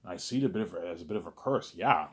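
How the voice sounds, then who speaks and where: A man with a fairly low voice rants in a long, rambling monologue. He repeats himself constantly and swears freely, his agitation rising and falling as he talks. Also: expressive, very fast, fairly bright tone. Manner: repetitive, profane, agitated ranting. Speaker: vlogger.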